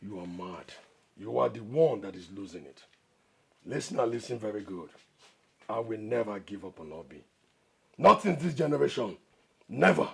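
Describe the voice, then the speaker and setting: Defiant, obsessed suitor. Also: male voice, fairly low pitch, lively intonation, moderate pace, vocal fry, dark tone, slightly rough, heavily acted. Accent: Nigerian. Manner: defiant, proclaiming. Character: obsessed defiant man, stubborn. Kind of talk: film acting.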